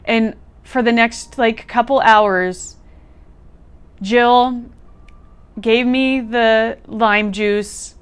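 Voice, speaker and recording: A woman guest telling a deeply personal story, candid and casual, swearing now and then and leaning on "like". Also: steady tone, slow pace, clear, resonant tone. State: close to tears at times. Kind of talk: emotional personal testimony.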